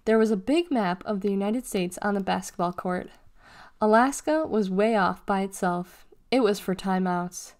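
Brief: woman narrator, mid pitch, steady storytelling read of a kids' novel. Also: normal speed. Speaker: reader. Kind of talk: reading a children's novel aloud.

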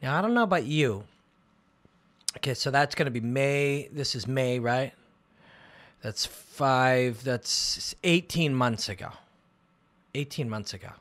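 A man hosting a casual livestream chat about fights, rambling and excitable, with lots of fillers. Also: medium pitch, unhurried, pauses often. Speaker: MMA analyst and show host. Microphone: phone and computer livestream.

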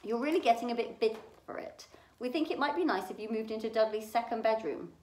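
A woman voicing a loud, gruff, blustering middle-aged uncle, read aloud in an echoey room. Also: on the high side, quick pace, slight background noise, close to an everyday voice. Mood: tense.

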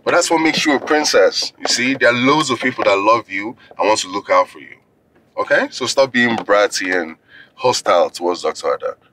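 An actor playing a widowed father who gently coaxes his young daughter, with a soft, pleading manner. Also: lowish voice, animated, a little fast, background noise, natural voice. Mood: coaxing. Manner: soft, coaxing, pet names. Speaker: single father. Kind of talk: film acting.

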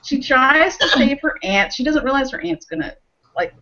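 A woman's voice: high-pitched, moderate pace. Chatty woman podcaster on muffled audio. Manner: animated retelling with many fillers and restarts. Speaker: podcast co-host. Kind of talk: casual podcast chat about a TV show.

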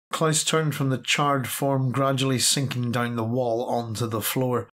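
A man reading science fiction aloud as an audiobook narrator, steady and measured. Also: mid-range voice. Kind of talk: scripted narration.

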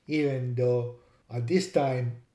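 Slow, mellow-voiced man teaching. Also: medium pitch, fairly even intonation, roomy sound. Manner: spells words out letter by letter, repeats sounds to demonstrate. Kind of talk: explanatory lesson.

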